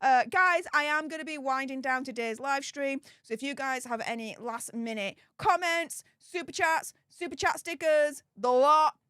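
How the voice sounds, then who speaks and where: A woman's voice: high-pitched, moderate pace, hardly any pauses, a bit bright, no echo, clean studio sound. A woman hosting a live stream, reading out super chats and thanking viewers over and over in a bubbly way. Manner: bubbly, repeats thanks many times.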